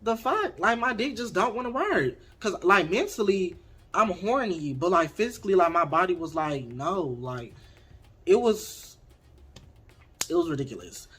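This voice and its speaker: A young man in his twenties tells a frank, animated storytime straight to his viewers. His voice is bright and sits a little high for a man. He keeps it casual and expressive throughout. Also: moderate pace, breathy edge. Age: 20s. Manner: candid, expressive, addresses viewers directly. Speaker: vlogger.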